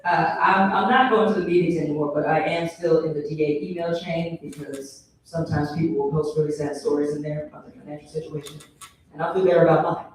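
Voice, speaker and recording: A man performing a stand-up set, breaking into shrill high mock voices when he quotes people. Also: fairly even intonation, fast talker. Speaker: stand-up comedian. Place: comedy venue stage. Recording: very echoey hall from a distance.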